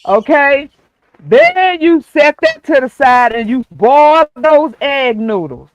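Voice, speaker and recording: A man's voice: extremely high pitch, animated, slow, dry recording. A man hosting a casual stream chat, folksy and talking people through a recipe step by step. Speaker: show host.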